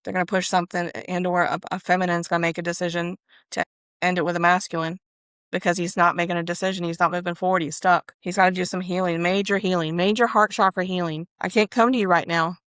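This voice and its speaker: A woman giving a casual spiritual tarot card reading, chatty and expressive, now and then excited or close to tears as cards come up. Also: on the low side, fast, clean tone, dry recording. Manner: chatty, Southern-tinged "y'all", breaks into laughs and excited exclamations.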